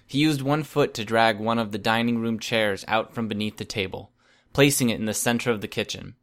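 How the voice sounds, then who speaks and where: A man narrating a first-person story in a steady, even reading voice. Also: on the low side, fairly quick. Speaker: audiobook reader.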